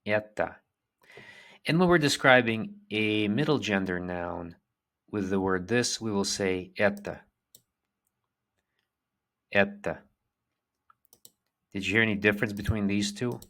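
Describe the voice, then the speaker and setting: A man giving a language lesson, explaining slowly with fillers and restarts. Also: on the low side, fairly bright tone. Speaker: language teacher. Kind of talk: lecture.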